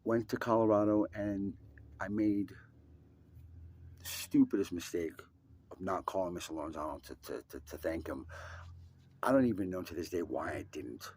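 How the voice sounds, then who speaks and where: A man telling a personal story in an emphatic, profane way, swinging between loud and hushed. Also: deep voice, a little hiss or hum.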